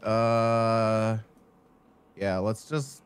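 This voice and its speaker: A man's voice: on the low side, very slow, roomy sound. A man chatting casually with a friend during a co-op game, laid-back and teasing. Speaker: co-op gaming partner. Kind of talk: casual co-op gaming chat.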